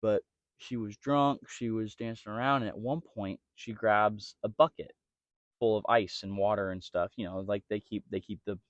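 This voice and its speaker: Low-voiced young man telling a story. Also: normal speed, no room sound, dull audio. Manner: storytelling, animated quoting of others. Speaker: podcast co-host. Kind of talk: casual chat.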